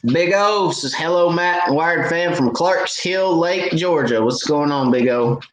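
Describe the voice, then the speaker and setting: A man's voice: on the high side, a little slow. A middle-aged man hosting a fishing live stream Q&A, chatting casually with lots of "uh" fillers. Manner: laid-back, chatty, frequent "uh" fillers. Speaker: fishing channel host. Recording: echoey room, faint background noise.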